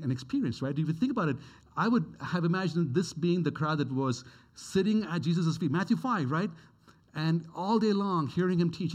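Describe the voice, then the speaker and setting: A man's voice: a little high, darkish tone, slightly rough. A man preaching a sermon as pastor. He speaks earnestly and repeats his key questions for emphasis.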